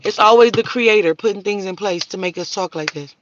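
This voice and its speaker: A woman's voice: medium pitch, fairly quick, dull audio, noisy background. A woman hosting a livestream, talking bluntly and profanely and answering viewers' comments in a preachy, casual rant. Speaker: livestream host.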